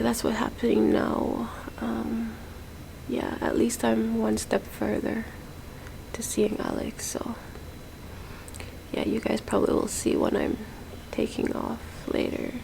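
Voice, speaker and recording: A woman's voice: on the high side, vocal fry, warm tone, slight background noise, rough recording. A woman from Jamaica talking casually to her camera in an airport terminal, chatty and full of fillers. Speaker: vlogger.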